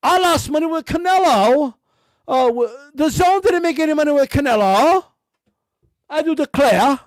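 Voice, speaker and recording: A man's voice: very high voice, expressive, moderate pace, dry recording. A man mocking a smug, prim boxing promoter. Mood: smug mockery. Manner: mocking, affected, repeats a prim catchphrase.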